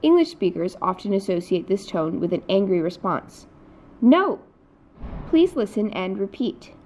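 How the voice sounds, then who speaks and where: A woman's voice: mid-range voice, animated, moderate pace, a little mellow, a little hiss or hum. A woman teaching a recorded Mandarin lesson, explaining patiently in scripted narration. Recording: dull lo-fi recording.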